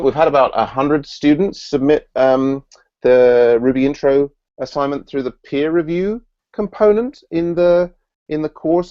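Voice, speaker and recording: A man's voice: mid-range voice, darkish tone, no room sound, highs cut off. A man hosting an online work meeting, thinking aloud with frequent restarts and fillers. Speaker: meeting host. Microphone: video call.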